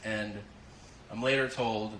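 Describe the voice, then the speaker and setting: A man's voice: fairly low pitch, fairly even intonation, takes it slowly, a bit bright, roomy sound, slight background noise, poor audio. Man telling a stand-up story, laughing as he goes. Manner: laughs through his lines and acts out the people in the story. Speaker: stand-up comedian.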